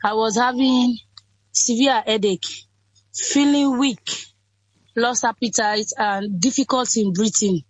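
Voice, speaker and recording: Sierra Leonean woman, high bright, dry sound. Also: no room sound, highs cut off. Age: 20s. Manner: simple halting sentences, repeats herself. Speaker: interviewee, Ebola survivor. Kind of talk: interview over a phone or call.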